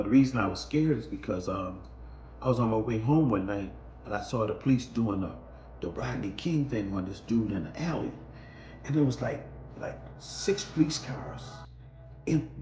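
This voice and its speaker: A man casually telling a personal story, acting out scenes with lively sound effects. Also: medium pitch, echoey room, slight background noise. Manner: animated, acts out scenes.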